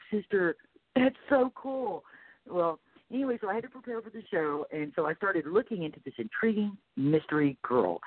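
A woman's voice: low voice, no echo. A woman with a Texas accent hosting an interview, chatty and enthusiastic. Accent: Texan. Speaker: host. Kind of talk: casual interview. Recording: tinny phone-like line, dry.

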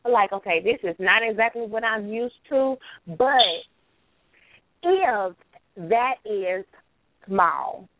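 Frank, outspoken woman with a lively voice. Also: medium pitch, slow, long pauses, noisy background. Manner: frank, outspoken about intimate topics. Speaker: host. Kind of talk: casual chat. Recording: dry, tinny phone-like sound.

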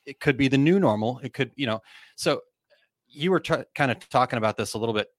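A man's voice: medium pitch, fast, no room sound. A man hosting a casual trade talk show, reading out listener comments and chatting loosely with plenty of fillers and restarts. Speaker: podcast host.

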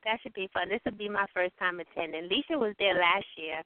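A woman hosting a chat show over a video call, relaxed and encouraging as she listens. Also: medium pitch, a little fast, dry recording. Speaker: host. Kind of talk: casual chat. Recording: dry phone-like call audio.

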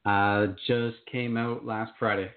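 A man with a somewhat low voice talks about his work in an upbeat, easygoing way. The sound comes through a thin, phone-like line. His delivery is relaxed and casual. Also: slow. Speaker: author, interview guest. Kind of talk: casual interview chat.

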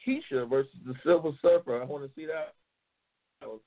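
A man hosting a casual talk show who reads out race matchups, loud, profane and excitable, sometimes yelling. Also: a little high, fairly quick. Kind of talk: casual livestream chat, reading race matchups. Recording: tinny phone-like sound.

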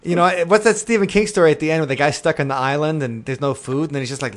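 A man's voice: fairly high pitch, quick pace. A man hosting a casual podcast chat, joking and rambling with lots of fillers. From Milwaukee. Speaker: podcast host.

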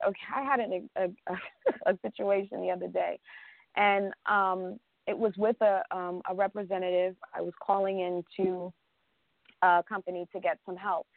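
A woman's voice: on the low side, gravelly, no echo. A woman telling a personal story in casual conversation, rambling with many restarts and fillers and laughing often. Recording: dry phone-line sound.

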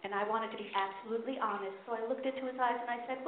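High-voiced female stand-up, self-mocking punchlines, echoey room with noise behind. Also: lively intonation, fast, hardly any pauses. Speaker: stand-up comedian. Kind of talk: stand-up comedy set. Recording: echoey tinny live recording with noise.

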